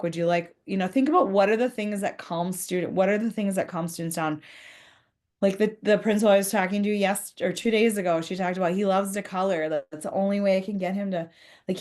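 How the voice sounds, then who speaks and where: A woman's voice: mid-range voice, fairly quick. A woman giving a conversational professional development talk to school leaders, earnest, acting out short example dialogues.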